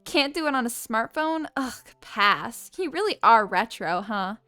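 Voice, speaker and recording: A woman's voice: fairly high pitch, lively intonation, measured pace, pushed and bright, no room sound. A woman voicing a snobby, selfish teenage schoolgirl in a game, with a mocking valley-girl sneer.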